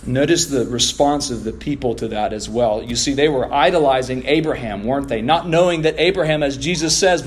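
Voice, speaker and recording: A man preaching an evening sermon to his congregation, reading scripture and stressing key words emphatically. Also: a little high. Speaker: pastor.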